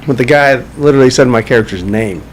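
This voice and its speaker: A man's voice: medium pitch, quick pace, a little hiss or hum, low-quality recording. A young man co-hosting a casual chat show, swearing freely and laughing often. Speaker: podcast co-host. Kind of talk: casual banter.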